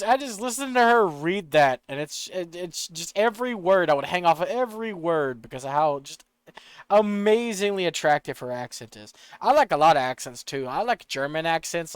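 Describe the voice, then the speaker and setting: A man streaming a video game, chatting casually, rambling and swearing in his excitement, with a slight rural American accent. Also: on the high side, clean tone, no echo.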